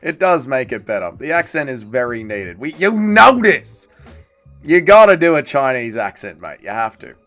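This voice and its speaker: A man's voice: medium pitch, big pitch swings, fairly quick, hardly any pauses, soft background music. A man hosting a livestream watch party, chatting casually and joking as he reads viewer comments aloud and answers them. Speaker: livestream host.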